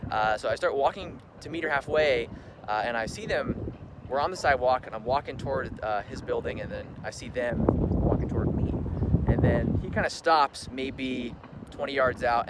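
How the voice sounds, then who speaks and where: Telling a personal story for his casual vlog, a young man speaks fairly quickly in a medium pitch. He's talkative and full of "like," acts out quoted dialogue, and loud ambient noise fills the background.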